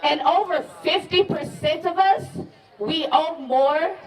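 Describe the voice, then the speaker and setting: A woman from Pensacola, Florida, giving a rousing, folksy rally speech as a regional organizer, her voice hoarse. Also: sits high, slow, background noise. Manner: rousing, folksy, calls out to the crowd. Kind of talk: rally speech with call-and-response chants. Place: outdoor protest rally. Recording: distant outdoor crowd recording.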